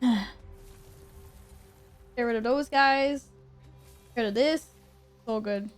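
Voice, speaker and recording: A young woman chatting casually on a game stream, joking and rambling with quick self-corrections. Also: mid-range voice, steady tone, a little mellow, faint music behind. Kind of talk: casual live-stream chat while gaming.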